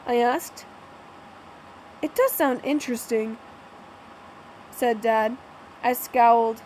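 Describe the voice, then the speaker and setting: A woman's voice: fairly high pitch, lively intonation, slow pace, a little mellow, slight background noise, poor audio. A woman reading a first-person novel aloud, often stumbling and restarting words. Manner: plain reading with frequent slips and restarts. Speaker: audiobook narrator.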